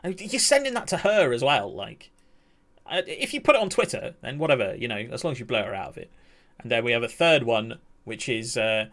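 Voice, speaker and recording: A man's voice: mid-range voice, big pitch swings, fairly quick, a bit bright. A young man, chatting casually on a live stream, laughing often and ranting in mock outrage.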